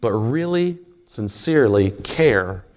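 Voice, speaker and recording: A man's voice: mid-range voice, expressive, takes it slowly. A man preaching a sermon in a folksy, storytelling way, joking with the congregation.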